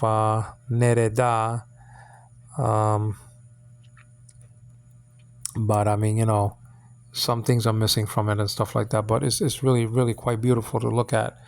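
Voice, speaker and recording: Gravelly man teaching, halting and repetitive. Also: fairly low pitch, darkish tone. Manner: halting, repeats words, many fillers; coaxing checks like "okay?" and "you understand?". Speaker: channel host teaching Hebrew. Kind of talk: informal Bible Hebrew lesson.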